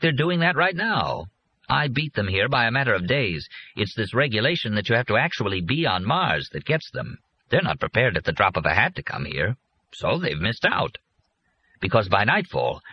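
A man voicing a calm, confident older businessman who explains his land deal to his son in a persuasive, matter-of-fact way. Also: fairly low pitch, husky, voice pushed up, full character voice. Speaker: father. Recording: muffled lo-fi recording.

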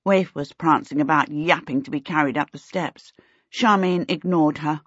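A woman narrating a storybook in steady, measured scripted narration, in a dull lo-fi recording. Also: low-pitched, breathy edge, no room sound. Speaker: audiobook narrator.

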